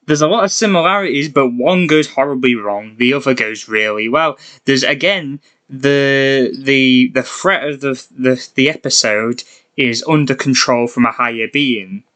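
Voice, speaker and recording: A young man with a mid-pitched, bright and forceful voice, co-hosting a casual podcast. He is chatty and self-deprecating, laughs often and restarts his sentences. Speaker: podcast co-host.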